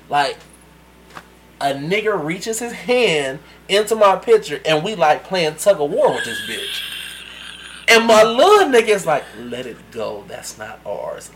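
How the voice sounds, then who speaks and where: A man telling a story in casual chat, animated and laughing often as he acts out quotes. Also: high-pitched, slight background noise, rough recording. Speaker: podcast co-host telling a story.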